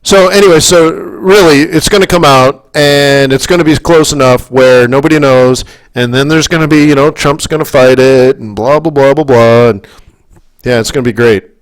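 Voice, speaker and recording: A man's voice: medium pitch, normal speed. A man from Canada coaching forex traders in live market commentary, rambling through asides, checking in with the audience and getting worked up and emphatic.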